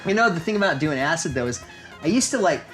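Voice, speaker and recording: A relaxed man co-hosting a cigar review, rambling and cracking jokes. His pitch swings widely as he talks. Faint music plays in the background. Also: quick pace, rough recording. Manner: laid-back, joking, rambling. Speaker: co-host of a cigar review show. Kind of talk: casual chat.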